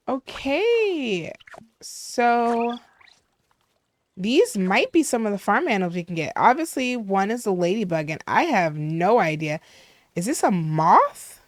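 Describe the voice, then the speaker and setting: A young woman talking through a cozy game, curious and easily charmed, with gasps and coos at cute finds. Her pitch moves lively while the pace stays slow, recorded close in a dry room. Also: dry recording. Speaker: gaming video host. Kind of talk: casual gameplay commentary.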